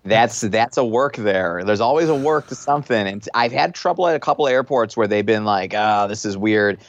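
A man's voice: mid-range voice, expressive, brisk, highs cut off. A young man, a podcast guest, chatting casually and explaining things in a matter-of-fact way. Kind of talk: casual chat.

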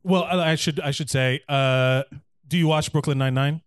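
A man's voice: on the high side, fairly even intonation, moderate pace, smooth. A man hosting a casual comedy show, announcing guests in a playful showman style. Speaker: host.

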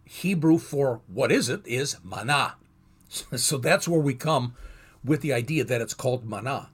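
A man teaching a Bible lesson in a thoughtful, explanatory way, pausing and restarting as he goes. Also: medium pitch, husky.

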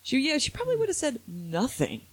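A man hosting a podcast in casual chat, opinionated and animated, quick to laugh. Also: extremely high pitch, slightly rough, no echo. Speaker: podcast host.

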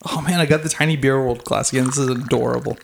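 A man's voice: mid-range voice, fairly even intonation, gravelly, slight background noise. A man co-hosting a casual podcast, teasing his bandmates and laughing a lot. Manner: teasing, quick with jokes, laughing. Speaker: podcast co-host. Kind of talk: casual chat over beers.

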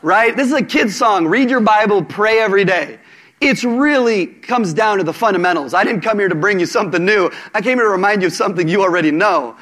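A man with a notably high speaking voice delivers a sermon to a live congregation. He talks in a casual, animated way and often slips in humor and asides. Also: a little fast. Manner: animated, conversational preaching with humor. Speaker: preacher.

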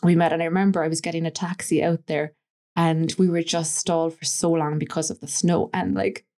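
A woman's voice: low-pitched, little pitch movement, a little fast, darkish tone. A woman from West Cork with an Irish accent, a stylist chatting as a podcast guest and telling anecdotes full of "like" and "you know". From Ireland, West Cork. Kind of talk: casual interview storytelling.

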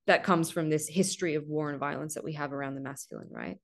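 A woman with a notably low voice hosts a spiritual podcast, speaking earnestly and at length. She leans on a repeated "right?" and drops swear words for emphasis. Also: animated, fast talker, gravelly. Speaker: podcast host. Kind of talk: spiritual monologue.

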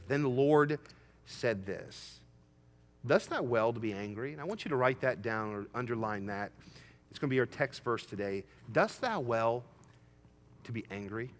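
A medium-pitched man preaches a sermon in a big-sounding room, reading scripture aloud. He speaks emphatically and climbs to excited peaks when giving voice to the prophet Jonah.

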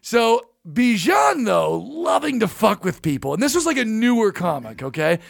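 Comedian guy with a high gravelly voice, rambling anecdote, mocking voices. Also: sing-song, moderate pace. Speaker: podcast co-host and comedian. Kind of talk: casual storytelling chat.

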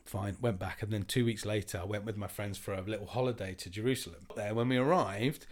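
A man in his forties spins a rambling, animated anecdote with a fairly low voice. He swears freely and pitches up to act out the people in his story. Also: fast talker. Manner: animated, swearing, acts out other people's lines in raised voices. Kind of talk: casual storytelling.

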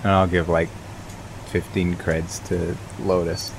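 A man playing a tabletop role-playing game, relaxed and offhand. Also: low-pitched, slow, gravelly, noisy background. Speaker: player.

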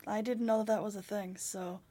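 A young adult woman co-hosting a podcast, who talks hesitantly in casual chat and trails off into quiet asides. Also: medium pitch, steady tone, moderate pace, husky.

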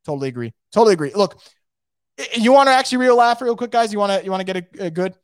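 A man hosts a casual sports podcast from home, talking fast and with emphasis, and he often doubles back on his words. His voice sits a bit high for a man. The sound is dry and close, with no room echo. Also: animated, clean tone. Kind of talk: casual live sports talk, reading viewer comments.

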